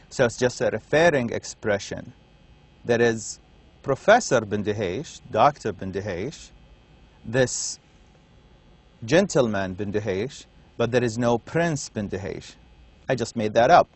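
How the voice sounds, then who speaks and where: Slow, deliberate male lecturer. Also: lowish voice, expressive. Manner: explains slowly, checks in with "okay?" often. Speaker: university lecturer. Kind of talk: classroom lecture.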